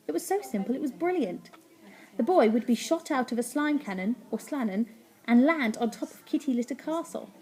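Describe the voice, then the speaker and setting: Animated woman teacher reading. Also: fairly high pitch, breathy edge. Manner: animated, playful, with sound effects. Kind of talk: reading a story aloud to a class.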